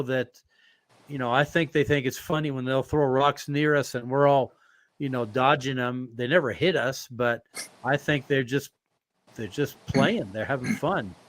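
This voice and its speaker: A man hosting an interview in a casual, relaxed way, telling stories with drawn-out fillers. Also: medium pitch. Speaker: podcast host.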